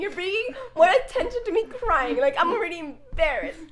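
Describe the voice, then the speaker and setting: Young woman podcast co-host, high lively voice, casual swearing storyteller. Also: fast, crowd noise. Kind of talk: casual chat.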